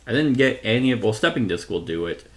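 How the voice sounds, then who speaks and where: A man's voice: medium pitch, animated, quick pace. A man playing a solo card game on his own, thinking aloud as he goes, reading card text and correcting himself along the way. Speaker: board game reviewer. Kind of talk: solo tabletop playthrough.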